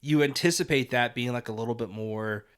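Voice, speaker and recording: A man's voice: medium pitch, brisk, smooth. Laughing man chatting about film. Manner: animated, laughs often, many fillers. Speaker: podcast co-host. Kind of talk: casual film review chat.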